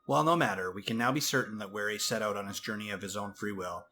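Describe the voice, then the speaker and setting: A man reading the lines of a stern, formal male nation president in a game, speaking in a measured way. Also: fairly low pitch, bright, forceful tone, soft background music.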